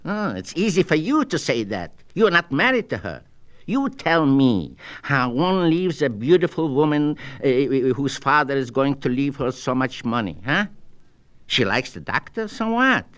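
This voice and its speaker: A man's voice: mid-range voice, very animated, a little slow, a bit bright. A man voicing a fretful married man who pleads and protests as he asks for advice, in a storybook reading. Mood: agitated. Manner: agitated, pleading and indignant.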